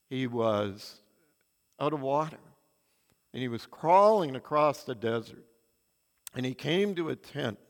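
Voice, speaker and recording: An older male preacher tells anecdotes in an earnest storytelling sermon, his emphasis rising and falling dramatically. His voice is slightly higher than most men's, and a long reverb trails through the large church hall.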